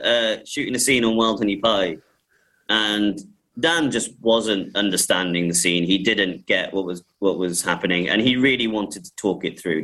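A film director talking casually in an interview, rambling with many restarts and frequent laughs. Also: male voice, fairly low pitch, fairly bright tone, low-quality recording.

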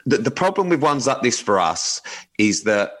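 A man's voice: mid-range voice, sing-song, moderate pace, a bit bright. A man co-hosting a podcast, chatting casually with frequent restarts and swearing. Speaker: podcast co-host. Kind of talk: casual chat.

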